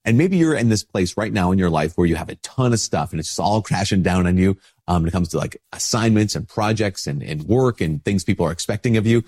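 A priest with a stuffy nose from a cold, giving an informal spoken reflection with many restarts. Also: male voice, low-pitched, animated, fairly quick, hardly any pauses, a little mellow, husky.

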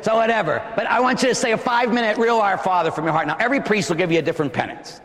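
Fast-talking priest in a big hall. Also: male voice, high-pitched, a bit bright. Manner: blunt, joking, rapid-fire. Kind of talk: sermon.

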